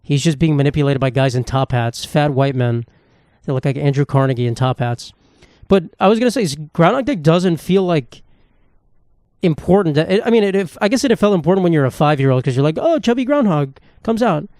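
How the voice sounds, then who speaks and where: A young man rambles through a solo podcast at a quick clip, cursing freely and poking fun at himself. His voice sits a little high for a man, and the sound is close and dry. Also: expressive, a little mellow, no echo. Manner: rambling, profane, self-mocking. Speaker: podcast host. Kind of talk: casual solo podcast monologue. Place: home room with knickknacks.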